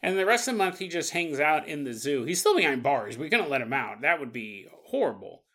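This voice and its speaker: A man's voice: on the high side, expressive, a little fast, pushed and bright. A man hosting a paranormal podcast, rambling through a comedic monologue, laughing often and acting out silly voices. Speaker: podcast host.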